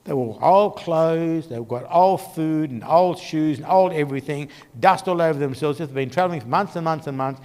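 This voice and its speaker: A man's voice: fairly high pitch, fairly quick, few pauses, darkish tone. A man teaching a Bible class, telling the history in a conversational, storytelling way while he points along a map. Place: church. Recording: long church-hall reverb.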